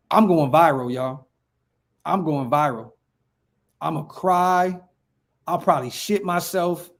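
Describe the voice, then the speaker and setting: A man from Northern California hosting a casual fan livestream, reading viewer comments aloud in a hyped, slangy way and repeating his phrases. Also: a little high. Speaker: fan channel livestream host.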